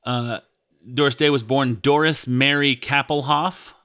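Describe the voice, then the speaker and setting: Bright-voiced joking podcast host. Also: male voice, medium pitch, fairly even intonation, a little slow, clean tone. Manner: joking, chatty, playful asides. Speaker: podcast host reading a biography. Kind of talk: casual podcast chat, reading notes aloud.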